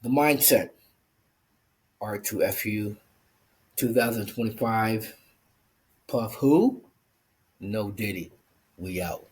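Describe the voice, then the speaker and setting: A man with a somewhat low, husky voice tells a personal story straight to his viewers. He keeps it casual and animated, slipping into the voices of the people he quotes. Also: slow, pauses often. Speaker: vlogger.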